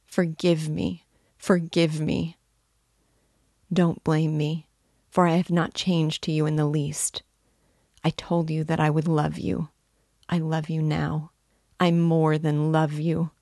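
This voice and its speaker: A tender young woman pours out a remorseful, imploring plea, as a female reader gives her voice. The tone stays low and even, unhurried, with a gravelly edge. It sounds close and dry. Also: no echo, exaggerated voice. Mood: pleading. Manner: soft, earnest, imploring.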